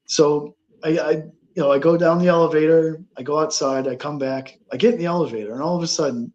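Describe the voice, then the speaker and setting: A man telling a ghost story as a guest on a paranormal talk show, halting, with many fillers and restarts. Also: fairly high pitch, fairly even intonation, a little mellow, lo-fi sound.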